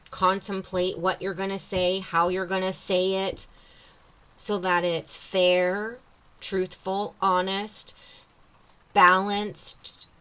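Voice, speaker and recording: A woman's voice: on the low side, a bit bright, poor audio. A woman in her thirties giving an intuitive tarot reading, talking casually and often rephrasing as she thinks aloud. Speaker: tarot reader.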